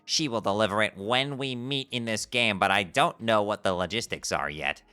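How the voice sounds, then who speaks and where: A man's voice: on the low side, normal speed, bright, forceful tone, smooth, soft background music. A man streaming himself as he reads a webcomic aloud, tripping over strange words, swearing casually and breaking off to laugh and comment.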